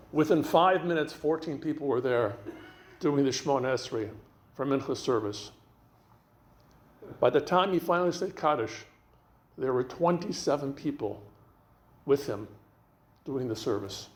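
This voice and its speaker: A man speaking as a guest rabbi, telling stories in an animated way and acting out the dialogue. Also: fairly high pitch, moderate pace, pauses often, roomy sound. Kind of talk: storytelling talk.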